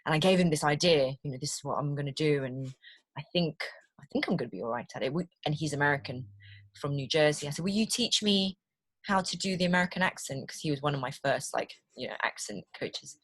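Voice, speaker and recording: A woman's voice: low-pitched, fast, no room sound. A British woman, a voiceover artist, chatting as a podcast guest, telling stories animatedly, laughing easily and repeating words as she starts sentences. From Britain. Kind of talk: casual interview chat.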